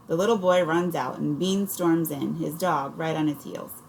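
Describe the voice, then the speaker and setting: Low-voiced woman narrating an audiobook. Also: fairly even intonation, normal speed, creaky, a little mellow, slight background noise, poor audio. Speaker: audiobook reader. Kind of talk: first-person audiobook narration.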